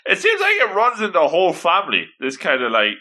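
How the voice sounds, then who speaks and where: A man's voice: high-pitched, wildly swooping pitch, brisk, sharp tone. A man co-hosting a casual podcast chat, answering with short reactive interjections and laughing along. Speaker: podcast co-host.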